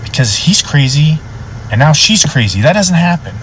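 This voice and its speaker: A young adult man, a police officer, telling a story with animated delivery and lots of swearing. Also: moderate pace, a little hiss or hum, rough recording. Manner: animated, swears freely, voice jumps high when excited. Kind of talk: profane storytelling.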